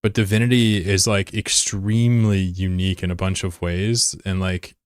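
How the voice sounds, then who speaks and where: His voice is low and smooth, level in tone and moderate in pace, recorded clean in a studio with no echo. He's a relaxed livestreamer who talks casually with his viewers as he plays, cursing without restraint and laughing readily.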